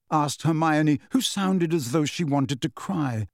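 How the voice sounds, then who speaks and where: A man narrating a fantasy novel in a measured, expressive storytelling manner. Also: fairly high pitch, no echo, studio quality. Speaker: audiobook narrator.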